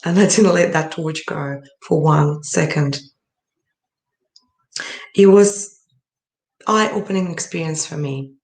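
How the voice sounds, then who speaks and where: A woman tells a personal story at a summit in a lowish voice. She talks earnestly, with many fillers and restarts, and the room around her is echoey. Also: slow pace, long pauses, darkish tone. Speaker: summit speaker.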